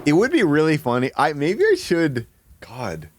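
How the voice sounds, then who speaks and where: A man chatting casually on a live stream. He swears often, thinks aloud, mocks himself and jumps into high outbursts. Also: normal speed, slight background noise. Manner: excitable, swears a lot, sudden high-pitched outbursts; self-mocking, thinking aloud.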